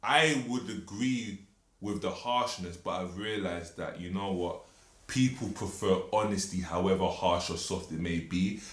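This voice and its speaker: Low-voiced London man giving earnest advice. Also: measured pace, fairly bright tone. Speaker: podcast co-host. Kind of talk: casual chat. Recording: echoey room.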